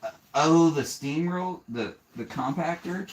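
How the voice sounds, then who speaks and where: A man who breeds snakes, talking casually on a live stream, giving plainspoken advice and turning gently to his young son. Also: a little high, a little slow.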